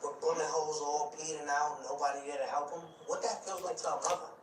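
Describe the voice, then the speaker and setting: A man telling a tense story of his own, acting out other people's words and dropping to a hush at moments. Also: a little high, level tone, fast talker. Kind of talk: animated storytelling. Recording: roomy sound from a distance with faint noise.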